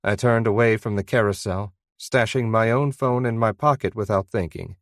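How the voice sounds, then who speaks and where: Low-voiced man narrating an audiobook. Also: normal speed, few pauses, dry recording, studio quality. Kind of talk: first-person audiobook narration.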